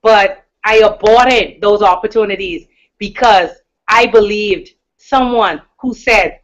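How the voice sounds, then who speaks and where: Motivational woman coach from the Bahamas, deep powerful voice, stretches key words, dull lo-fi audio. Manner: emphatic, encouraging, with slow stressed words. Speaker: mindset coach. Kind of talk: motivational talk. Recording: dull lo-fi recording.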